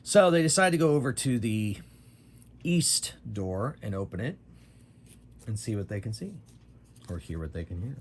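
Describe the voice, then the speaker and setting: A man's voice: fairly low pitch, big pitch swings, moderate pace, long pauses, a little hiss or hum. A man narrating a solo tabletop game as game master, in a casual manner that thinks aloud.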